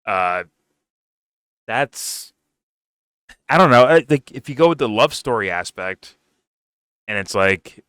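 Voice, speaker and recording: A man's voice: mid-range voice, expressive, slow, long pauses, fairly bright tone, clear, resonant tone, no echo, clean studio sound. A young man casually reviewing a film, rambling and swearing with lots of fillers and laughs. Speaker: movie reviewer.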